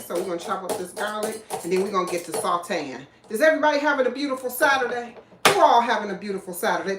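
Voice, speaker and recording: Chatty woman hosting a live cooking stream. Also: mid-range voice. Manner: chatty, rambling, greets viewers and reads their comments. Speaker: cooking livestream host. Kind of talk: casual live cooking chat. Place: home kitchen. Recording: echoey room, faint background noise.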